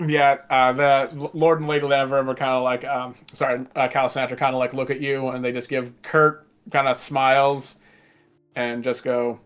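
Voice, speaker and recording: A man's voice: medium pitch, level tone, moderate pace, fairly bright tone, smooth, faint music behind. A man running a tabletop game as game master, narrating in a loose, casual way full of fillers.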